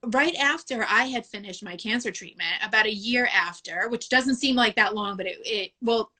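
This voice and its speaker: Bright-voiced woman, candid guest. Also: fairly high pitch, moderate pace. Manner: open and emotional, laughs often, quotes herself. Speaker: guest, photographer. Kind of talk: candid interview talk.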